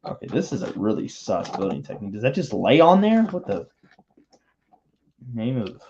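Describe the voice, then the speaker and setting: A man's voice: medium pitch, very animated, normal speed, noisy background. A man hosting a livestream, chatting casually and teasing his co-host while building, with rambling talk and frequent restarts. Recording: muffled lo-fi stream audio.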